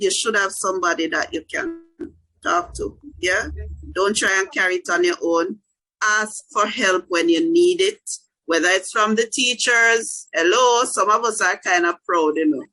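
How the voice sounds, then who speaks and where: A woman's voice: medium pitch, moderate pace, pushed and bright, poor audio. A woman counselor, leading an online parenting workshop over a video call, earnest and often checking in with her listeners.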